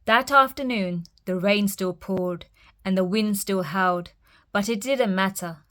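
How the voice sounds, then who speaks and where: A woman reading a picture book aloud for children's storytime, gentle and expressive. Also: medium pitch, unhurried.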